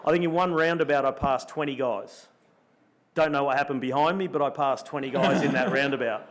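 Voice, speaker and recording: A middle-aged Australian man, a former pro cyclist, telling a lively story at a luncheon and acting out his own thoughts as he goes. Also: medium pitch, fairly quick. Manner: animated storyteller, acts out his own thoughts in quoted asides. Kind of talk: storytelling in a live interview. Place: luncheon event room.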